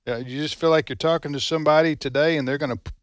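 A man's voice: on the high side, steady tone, rapid-fire, dry recording, studio quality. A man hosting a morning radio talk show, joking loosely with his co-hosts and using fillers. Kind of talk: casual morning radio chat.

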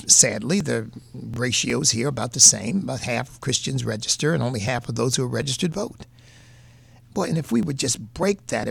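A man's voice: mid-range voice, vocal fry, fairly bright tone, breathy edge, dry recording. A man with a New England accent giving earnest, folksy political commentary as a radio host, repeating points for emphasis.

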